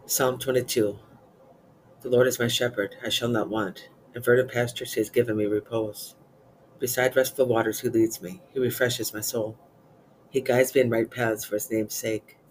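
A man reciting psalms and liturgical prayers in a steady, measured way. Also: mid-range voice, slight background noise, low-quality recording. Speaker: prayer reader.

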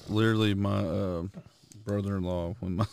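A man's voice: on the low side, steady tone, normal speed, vocal fry, darkish tone, clear, resonant tone. A young man co-hosting a podcast, joking crudely in casual chat. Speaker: podcast co-host.

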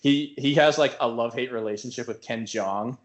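A podcast co-host with a mid-range voice talks a little fast, telling a long story in casual chat. He rambles, leans heavily on filler words and acts out quotes as he retells things.

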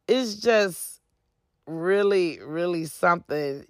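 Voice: mid-range voice, takes it slowly, dry recording, studio quality. A podcast host telling a story in a casual monologue, swearing freely and acting out the quotes. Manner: profane, animated, lots of acted quotes.

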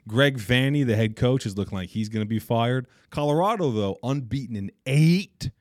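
A man's voice: medium pitch, expressive, moderate pace, no echo, clean studio sound. A young man co-hosting a casual sports podcast, blunt and opinionated, trash-talking teams. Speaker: podcast co-host.

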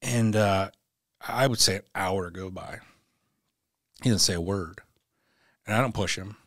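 Halting low-voiced man in his forties. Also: fairly bright tone, dry recording, clean studio sound. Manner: halting, repeats words when emotional. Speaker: podcast guest, military veteran. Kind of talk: candid personal storytelling.

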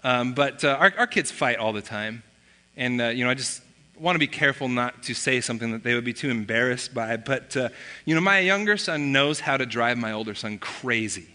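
A man's voice: mid-range voice, brisk, sharp tone. A man preaching a sermon as pastor, telling stories in a conversational way and acting out bits of family dialogue. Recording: long reverb of a large hall.

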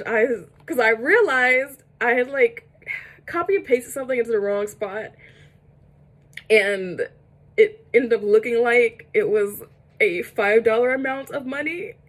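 A young woman venting casually about work, exasperated and profane, with lots of filler words. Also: on the high side. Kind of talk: casual rant.

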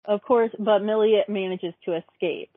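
A woman's voice: medium pitch, steady tone, moderate pace, no echo. A woman in casual chat about a cartoon, rambling, swearing and fumbling for names. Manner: profane, rambling, forgets names. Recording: dry tinny phone-like line.

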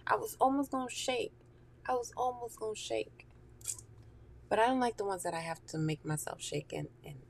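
A woman's voice: lowish voice, darkish tone, slight background noise. A woman talking candidly and profanely in a casual chat, laughing often and dropping into whispery asides.

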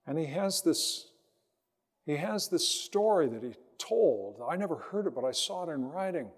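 A man preaching a sermon as a pastor, telling a personal story in a slow, reflective way with pauses, then leading a prayer. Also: a little high, big pitch swings, slightly rough, in a large hall.

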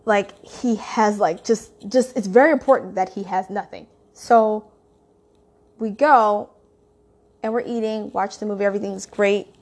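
A young woman telling a personal story in a candid, profane, animated way, acting out what she and others said. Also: medium pitch, a little slow. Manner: candid, profane, animated retelling with quoted asides. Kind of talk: casual storytelling monologue.

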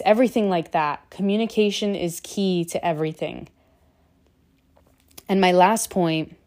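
A woman's voice: on the low side, warm tone. A woman giving earnest, emphatic relationship advice straight to her viewers in a casual monologue. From Cuban heritage.

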